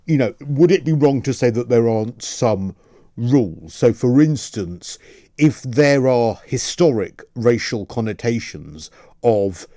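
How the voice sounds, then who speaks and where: Animated male radio host, dry studio sound. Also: mid-range voice, dry recording. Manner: animated, quick rhetorical questions with stumbles. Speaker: radio talk show host. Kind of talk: opinion radio discussion.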